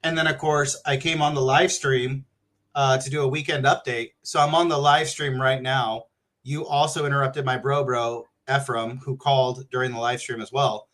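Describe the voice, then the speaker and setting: A man hosting a casual livestream, talking in an excitable, joking and profane way. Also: mid-range voice, moderate pace. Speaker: livestream host.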